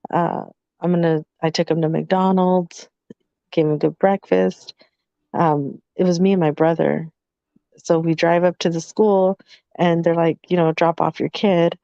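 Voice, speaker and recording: A woman's voice: on the low side, unhurried, vocal fry, no echo. A woman co-hosting a podcast, telling a family story in casual chat and acting out the voices in it. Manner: animated, acts out voices in her story. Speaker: podcast co-host. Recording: dull lo-fi sound.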